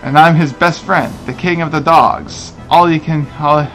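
A man's voice: fairly high pitch, steady tone, unhurried, a bit bright, faint music behind. A man voicing a boastful, impatient male bulldog in a game, in a brash, scornful way.

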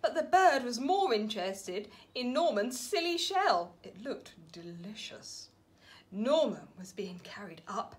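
Woman, storybook reader for children, slow and unhurried, very lively sing-song pitch. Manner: gentle, expressive storytelling with dramatic pauses. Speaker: family centre worker reading to children. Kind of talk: children's storybook read-aloud.

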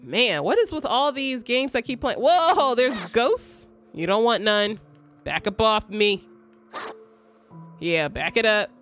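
A woman's voice: fairly high pitch, animated, slow, fairly bright tone, soft background music. A young woman streamer giving joking, slangy commentary while playing a game. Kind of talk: casual gameplay commentary.

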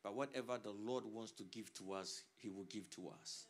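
A man's voice: on the low side, normal speed. A man from Africa, a pastor preaching a sermon with fervor that swells in volume. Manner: fervent preaching that swells in volume, punctuated with "hallelujah". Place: church service streamed online.

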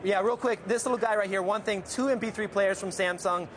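A man's voice: high-pitched, fairly quick, fairly bright tone, a little hiss or hum. Enthusiastic man demoing gadgets. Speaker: field reporter. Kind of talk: casual gadget demo.

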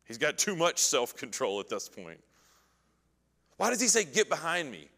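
A man teaching an adult Bible class, animated as he acts out scripture scenes and puts questions to the class. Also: mid-range voice, normal speed, vocal fry, long reverb tail.

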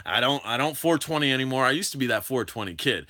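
A man's voice: mid-range voice, quick pace. A young man hosting a drone livestream, chatting casually with viewers in a hyper, slangy way. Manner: hyper, animated, slangy, talks to chat.

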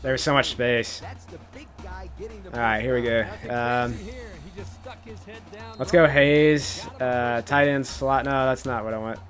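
An excitable man talks through his own video game plays in loose, casual commentary. He thinks aloud about each call and bursts out laughing at big moments, with a voice that cracks now and then. His pitch sits in an ordinary middle range. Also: slow, pauses often, faint music behind. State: voice cracking, coughing. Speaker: gaming YouTuber playing a football video game.

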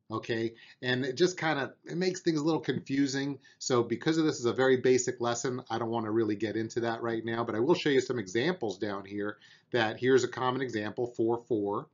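A man's voice: mid-range voice, highs cut off. A man teaching a beginner drum lesson, patiently explaining and counting out beats aloud, with an encouraging manner.

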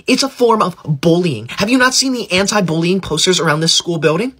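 A man's voice: high-pitched, animated, a bit bright, breathy edge, exaggerated voice. A man playing a bossy, self-righteous schoolkid, a teacher's pet who lectures others and threatens to tell the teacher. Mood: preachy. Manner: preachy, whiny, quick to threaten to tell the teacher. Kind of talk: comedy sketch acting.

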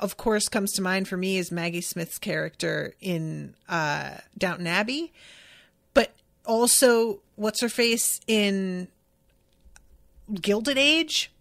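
A woman podcast host chats casually and eagerly through an episode recap, swearing freely and answering comments from her listeners. Her voice sits at an ordinary middle pitch. It is recorded close on the mic in a dry, dead-sounding space. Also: a bit bright, dry recording. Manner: enthusiastic, swears freely, reads out chat comments.

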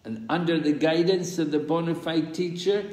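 A man's voice: a little high, moderate pace, a little mellow. Man lecturing in an echoing hall. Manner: patient, explanatory, repeats key points with rhetorical questions. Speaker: spiritual teacher giving a course class. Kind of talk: scripture study lecture. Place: large hall at a pilgrimage site in India. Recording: reverberant hall sound.

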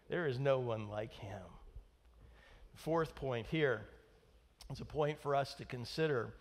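A man preaching a sermon as pastor in a church, emphatic and asking the congregation rhetorical questions. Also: a little high.

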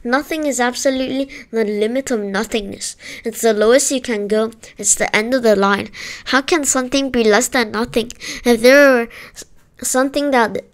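A woman's voice: on the high side, moderate pace, close to an everyday voice. A woman voicing a lonely young pig, earnest and pleading, in a read-aloud storybook.

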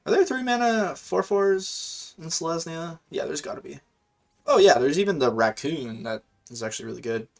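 A man hosting a gaming video, giving casual live commentary on his own play in a chatty, slangy and excitable way, thinking out loud. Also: fairly high pitch, moderate pace.

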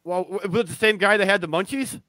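A man co-hosting a podcast, throwing in quick jokes during a casual chat. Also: high-pitched, sharp tone, dry recording. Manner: quips jokes. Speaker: podcast co-host.

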